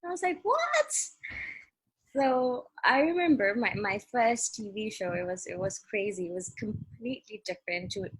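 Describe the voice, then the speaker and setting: A Malaysian woman in her thirties, a chef guest telling stories in a lively casual interview, laughing often and acting out quotes. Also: medium pitch, normal speed, few pauses, breathy edge, poor audio. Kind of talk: casual radio interview storytelling.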